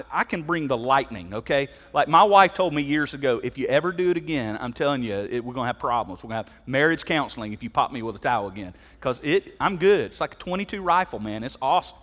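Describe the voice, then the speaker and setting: A middle-aged pastor delivers a sermon, emphatic yet conversational, frequently putting questions straight to his listeners. His voice sits high with a fairly bright tone, and a long hall reverb surrounds it.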